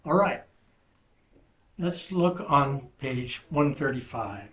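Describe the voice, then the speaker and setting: A man's voice: mid-range voice, lively intonation, takes it slowly, a bit bright, roomy sound. A man teaching a Hebrew class, patiently correcting students and explaining grammar step by step. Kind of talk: classroom language lesson.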